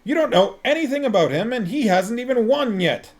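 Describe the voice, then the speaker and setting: A man voicing an exasperated city-guard captain who shouts in fury. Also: very high voice, expressive, brisk, voice pushed up. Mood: furious.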